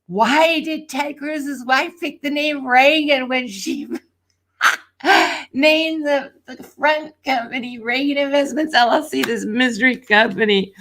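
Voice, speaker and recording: An excitable woman hosts a live tarot reading over a simple webcam mic. Her voice sits somewhat high and her delivery is slow and drawn out. She laughs often, slips into whispers, then jumps up into shouts. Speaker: tarot reader.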